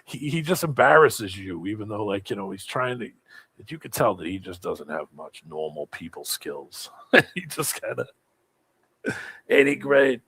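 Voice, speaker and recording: A man's voice: on the low side, animated, moderate pace, vocal fry, a bit bright, slightly rough. A man on a live panel chatting casually and gossiping loosely about someone, often laughing. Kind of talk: casual chat.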